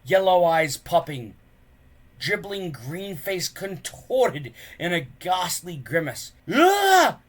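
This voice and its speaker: Man reading a kids book aloud, lots of ups and downs in his voice, slow. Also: fairly high pitch. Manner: expressive, unhurried storytelling. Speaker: reader. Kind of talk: children's book read aloud.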